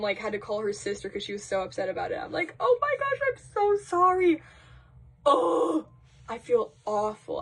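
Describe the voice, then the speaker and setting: A young woman vlogging from home in casual chat, rambling through a story with lots of fillers, sighs and quoted friends. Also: medium pitch. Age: young adult. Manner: chatty and rambling, full of fillers and dramatic sighs. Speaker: college vlogger. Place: indoors at home, doing laundry.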